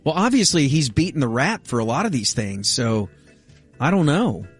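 A middle-aged man chats on a radio show, telling a self-deprecating story with easy timing. His voice sits at an ordinary pitch. A faint music bed runs under him. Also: big pitch swings, normal speed, husky. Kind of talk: casual radio banter.

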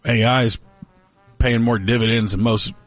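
Rambling, wry man at mid pitch. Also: fairly even intonation, moderate pace, soft background music. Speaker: co-host. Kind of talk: casual news chat.

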